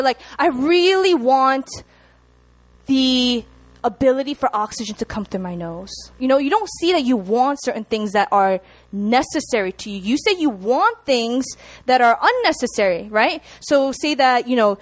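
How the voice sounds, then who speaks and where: Animated young woman preaching a sermon. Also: a little high. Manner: animated, chatty, laughs at herself, asks the room to respond. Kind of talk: sermon to a congregation.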